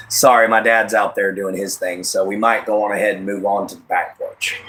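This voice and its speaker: A man's voice: lowish voice, steady tone, moderate pace, fairly bright tone, rough recording. A man hosting a casual home live stream, drawling and easygoing as he answers chat by name. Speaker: livestream host. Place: at home, moving to back porch.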